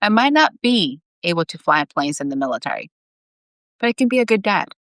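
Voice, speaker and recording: Brief: woman reading a stubborn young ex-soldier begging for another chance, lively pitch, dry close sound. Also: fairly quick, no room sound. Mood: pleading. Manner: desperate, stubborn, pleading. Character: earnest young male soldier pleading in heaven.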